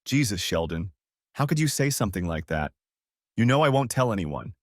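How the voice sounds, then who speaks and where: A firm, caring female friend gives blunt advice, as a man puts her on. Her lively voice carries concern. The recording is close and dry. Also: lowish voice, normal speed, no room sound.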